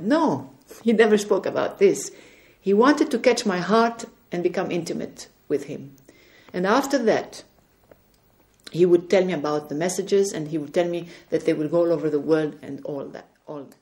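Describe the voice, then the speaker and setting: A woman giving an earnest spiritual testimony at home, gently recounting conversations. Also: on the low side, moderate pace. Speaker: religious speaker. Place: indoors at home.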